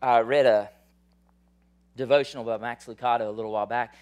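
A man preaching a sermon in a conversational style, swinging from loud, high bursts to soft, low asides. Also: a little fast. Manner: animated, rises high and loud then drops soft; conversational, frequent "like" and "right?". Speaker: pastor.

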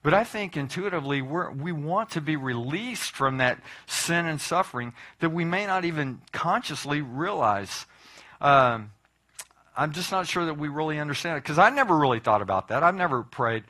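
A male pastor preaches in a loose, conversational sermon style and often turns to the congregation with asides. His voice sits a little high and sounds bright and forceful. He tells stories in an animated way. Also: moderate pace.

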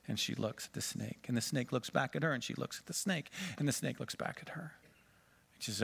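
A man's voice: mid-range voice, fairly quick, creaky, slightly rough. A pastor in his forties preaching a sermon and telling a dramatic story. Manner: dramatic storytelling, varying loudness and pace.

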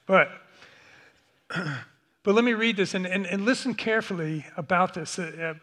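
A man preaching a sermon, speaking slowly and haltingly with many restarts. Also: high voice, a bit bright. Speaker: pastor.

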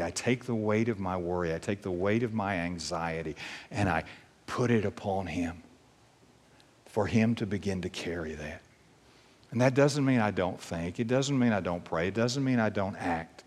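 A man preaching a sermon as pastor, emphatic and animated, repeating key phrases. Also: fairly low pitch, husky, long reverb tail.

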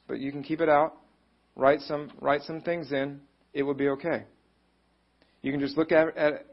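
A man's voice: on the high side, lo-fi sound. A man pastor giving a conversational, encouraging sermon, often acting out what people think and say. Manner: conversational, encouraging, acts out quoted thoughts.

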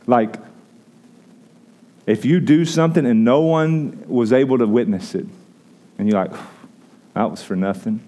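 Male pastor, warm low-key tone, conversational sermon, frequent restarts. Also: unhurried, long pauses. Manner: conversational preaching with repeated restarts.

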